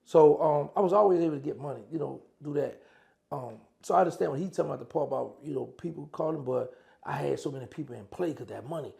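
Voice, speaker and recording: A man's voice: fairly high pitch, quick pace, vocal fry, dark tone. A man telling his prison stories in a casual interview, acting out phone calls in dialogue as he speaks. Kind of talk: casual storytelling.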